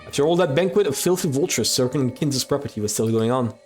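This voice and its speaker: Animated young man reading a visual novel aloud. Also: medium pitch, quick pace, soft background music. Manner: reads narration, then breaks off into casual commentary and swearing. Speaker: streamer.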